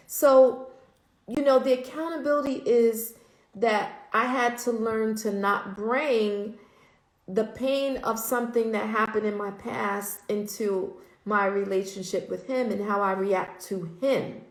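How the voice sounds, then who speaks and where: A woman's voice: a little high, measured pace. Candid woman host in an echoey room. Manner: candid, reflective, frequent ums, curses when quoting herself. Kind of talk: casual livestream talk.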